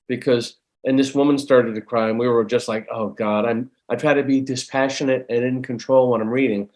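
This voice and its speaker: Storytelling middle-aged man, medium pitch. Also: brisk, hardly any pauses. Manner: animated, speeds up when telling a story. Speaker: guest medium. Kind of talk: conversational storytelling.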